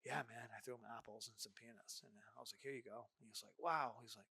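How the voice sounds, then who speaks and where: A man's voice: medium pitch, fast, vocal fry, slightly rough, no room sound. A man as a podcast guest, telling a story casually, acting out voices and asking "right?" often. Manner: animated, acts out dialogue, frequent "right?".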